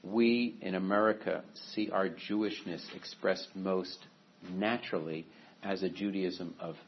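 A man's voice: low voice, steady tone, measured pace, slight background noise. A man giving a classroom lecture, talking in a discursive, conversational way with many asides and restarts. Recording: echoey room from a distance, dull and muffled.

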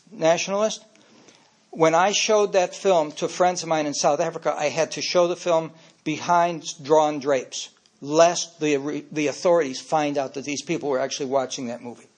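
An older man giving a speech, telling personal stories in an anecdotal way and getting emotional as he speaks. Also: on the high side.

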